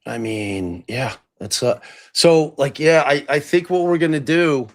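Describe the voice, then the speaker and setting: A man's voice: medium pitch, unhurried. A man hosting a podcast in casual chat, rambling with lots of swearing, fillers and restarts. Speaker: podcast host.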